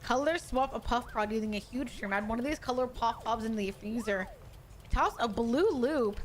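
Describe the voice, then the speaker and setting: A woman voicing a gentle, formal male tea-shop keeper who tells stories earnestly. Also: on the high side, moderate pace, a little hiss or hum, lightly acted.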